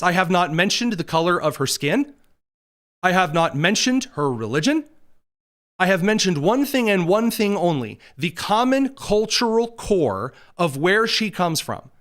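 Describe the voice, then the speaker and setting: A man's voice: a little high, fairly bright tone. A man hosting a political commentary livestream from a studio, talking with sarcastic, mocking asides. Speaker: host.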